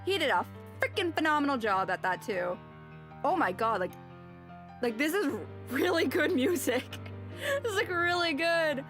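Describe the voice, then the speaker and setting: A woman's voice: high voice, animated, normal speed. A young woman streaming, chatting casually and reading chat aloud with a lot of giggling. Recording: game music faintly behind.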